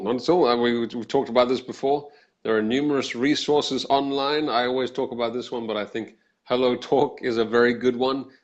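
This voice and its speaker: A man's voice: mid-range voice, highs cut off. A man co-hosting a live English Q&A, explaining phrases and acting out example tones of voice. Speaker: English teacher, co-host. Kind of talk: live-streamed Q&A chat.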